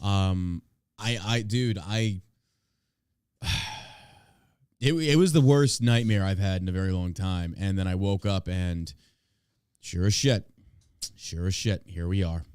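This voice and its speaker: A man's voice: low-pitched, unhurried, pauses often, a little mellow, clear, resonant tone, no echo, clean studio sound. A man hosting a podcast in casual chat, blunt and opinionated, with crude banter. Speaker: podcast host.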